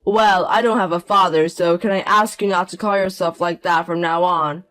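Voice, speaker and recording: A man's voice: high-pitched, fairly even intonation, moderate pace, a bit bright, clean tone, dry recording, faint music behind. A young man voicing a resentful grown son who talks in a cold, curt way, in a narrated audio drama. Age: young adult.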